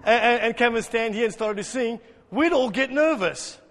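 A man preaching an interactive sermon as pastor, lively and joking with the congregation, acting out voices. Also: extremely high pitch, moderate pace. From South Africa. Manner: animated, acts out voices, jokes with congregation. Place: church hall. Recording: long hall reverb.

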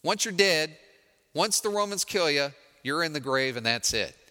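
A man's voice: on the high side, animated, normal speed, bright, forceful tone, in a large hall. A man preaching a sermon in a conversational, wry way, acting out the people he quotes. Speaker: pastor.

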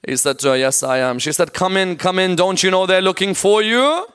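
A man's voice: high-pitched, fairly quick, fairly bright tone, clear, resonant tone. A man preaching a sermon in a mosque, telling a mournful story with passion and often asking the audience "yes?". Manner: mournful, impassioned narration with repeated "yes?" to the audience.

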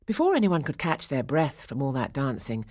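A woman narrating a storybook in an expressive, measured storytelling manner. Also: extremely low pitch, no echo, studio quality.

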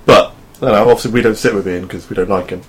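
Quick, jokey man. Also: lowish voice. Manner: joking, teasing. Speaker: podcast co-host. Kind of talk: casual football chat.

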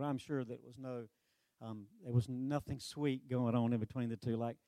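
A man preaching a sermon, retelling a story with lively delivery, sarcastic humor and acted-out quotes. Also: mid-range voice, moderate pace, no room sound.

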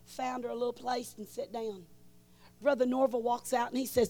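A woman telling stories in a sermon at a conference, shifting between loud bursts and hushed asides. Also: on the high side, flat delivery, moderate pace. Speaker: conference speaker. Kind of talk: storytelling sermon. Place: large conference hall.

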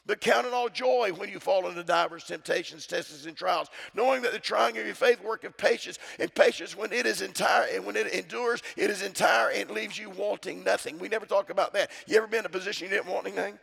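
A man's voice: sits high, fast talker, creaky, few pauses, a bit bright, slightly rough. A middle-aged man preaching a sermon, calling out to his congregation for responses. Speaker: pastor. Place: church sanctuary. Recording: church sound with long reverb.

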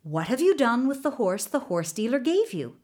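A woman's voice: fairly high pitch, sing-song, normal speed, darkish tone. Woman playing a formal prime minister. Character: grave male prime minister, careful adviser.

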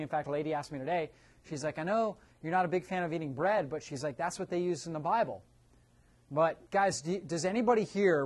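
A man presenting a nutrition seminar to a live audience, quizzing the room and tagging his points with "right?". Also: fairly high pitch. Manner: keeps checking in with a tag "right?".

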